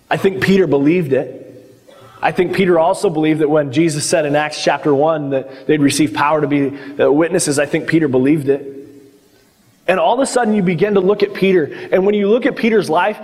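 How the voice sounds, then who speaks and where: A slightly high-voiced man preaching in a casual, conversational way, acting out the people he quotes. His voice rings with a long hall reverb, as if recorded in a large church hall. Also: a little mellow. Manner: conversational, acts out quotes in the story. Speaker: pastor. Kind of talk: sermon.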